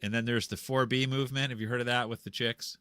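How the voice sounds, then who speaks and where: A man's voice: mid-range voice, level tone, quick pace, sharp tone, clean tone, no echo, clean studio sound. A man on a video call from home, explaining church law in a casual, rambling way, full of restarts and repeated words. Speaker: guest explaining canon law. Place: home room with a green screen.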